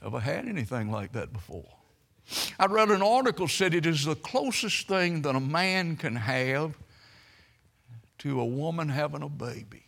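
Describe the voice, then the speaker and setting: A man preaching a sermon, telling stories and swelling into loud, emphatic preaching. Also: a little high, animated, normal speed, gravelly.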